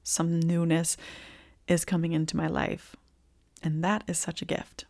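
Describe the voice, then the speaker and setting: A young woman hosting a live intuitive reading, talking in a casual, earnest way with many likes and ums, sometimes tearful and dropping into soft whispers. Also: deep voice, level tone, measured pace. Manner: warm, earnest, chatty with frequent likes and ums. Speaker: intuitive reader and podcast host. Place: indoors, filming herself on video.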